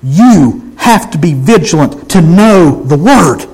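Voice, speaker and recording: A man preaching a sermon, emphatic, swinging between loud exclamations and hushed intensity. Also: a little high, lively intonation, slow, husky, rough recording.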